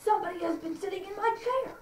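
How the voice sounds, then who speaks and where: A woman's voice: very high-pitched, fast talker, slight background noise, pitched above the performer's own voice. A woman voicing a great huge male bear in a storybook reading, in a light, lightly raised voice. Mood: puzzled. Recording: roomy, distant mic, faint ambience.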